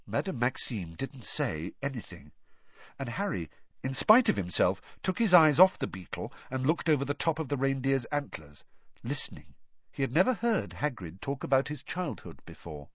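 A man reading a story aloud in a measured, expressive way. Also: medium pitch, dry recording. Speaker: audiobook narrator. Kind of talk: storybook narration. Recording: dull lo-fi, dry.

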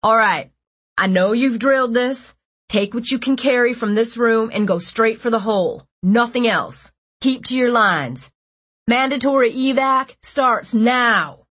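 A woman's voice: low voice, steady tone, moderate pace, hardly any pauses, a bit bright, breathy edge, no echo. Woman doing a tough male squad leader in an audiobook, urgent barked orders, dry close sound. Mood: commanding. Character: commanding adult male agent leader.

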